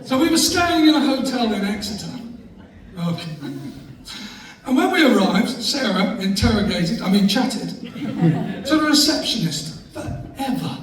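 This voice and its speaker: High-voiced man telling funny stories. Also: very animated, unhurried. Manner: jokey anecdotal storytelling, laughing along. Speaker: husband giving a speech. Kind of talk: humorous speech to a live audience. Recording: echoey room from far off, faint noise.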